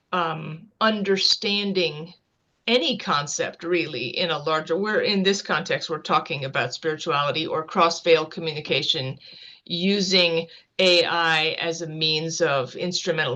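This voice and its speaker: Fast-talking earnest woman, low voice. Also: pushed and bright. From United States. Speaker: guest author and scientist. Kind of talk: casual interview talk.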